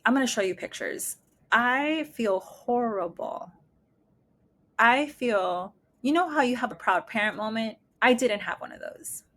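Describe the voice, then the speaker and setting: A woman's voice: on the high side, expressive, a little slow, a bit bright. A middle-aged woman hosting a personal podcast as a mother, talking casually, emotionally and with enthusiasm. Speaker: podcast host, parent of a disabled daughter.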